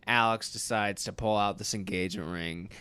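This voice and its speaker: A man's voice: on the low side, moderate pace, clean tone, no echo. A man co-hosting a podcast, animatedly recapping a movie, acting out the lines and laughing often. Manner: animated storyteller, acts out quotes, laughs often. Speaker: podcast co-host. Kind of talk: casual movie-recap chat.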